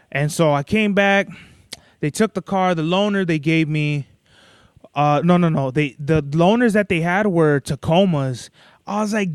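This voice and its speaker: Smooth-voiced young man rambling casually. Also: high voice, animated, moderate pace, no echo, studio quality. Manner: rambling, profane, laid-back storytelling. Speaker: podcast host. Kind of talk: casual solo podcast monologue.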